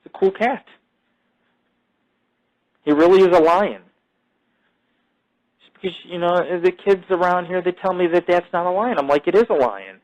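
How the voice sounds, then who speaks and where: A man with a high-pitched, steady voice hosts his own podcast in a rambling, casual monologue, and the recording cuts off the highs. He swears freely, wanders off topic, mythologizes himself, and keeps restarting sentences with repeated fillers.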